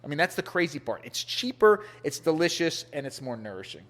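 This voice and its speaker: Male podcast guest, animated storyteller, voices quotes up high. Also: fairly quick. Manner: animated storyteller, acts out quotes with rising pitch. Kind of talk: casual storytelling interview.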